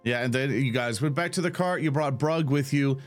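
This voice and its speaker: A man with an ordinary middle-pitched voice sums up a tabletop game session as its game master. He talks in a measured, casual way and slips in a joke now and then. Faint music plays in the background. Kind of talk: casual summary.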